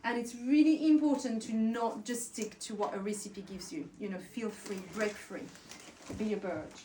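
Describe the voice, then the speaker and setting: A woman's voice: mid-range voice, normal speed, warm tone, slight background noise. A woman teaching an indoor herbalism workshop, chatty and encouraging, explaining each step to a group. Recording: roomy sound from a distant mic.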